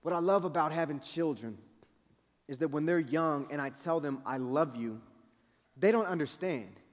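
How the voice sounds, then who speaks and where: A man in his thirties preaching a sermon with passion, moving from loud appeals to hushed pleading. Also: on the high side, normal speed. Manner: impassioned, swings from shouting to hushed pleading. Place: large event hall. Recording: reverberant hall.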